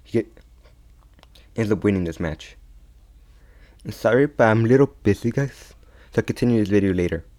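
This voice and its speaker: Halting young man retelling a fan story. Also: fairly low pitch, expressive, a little mellow. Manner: halting, many restarts and repeats.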